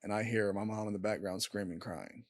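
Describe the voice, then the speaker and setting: A young man, a podcast guest, telling a painful personal story in a candid, halting way and swearing freely. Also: lowish voice, dry recording, clean studio sound. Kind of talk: casual storytelling.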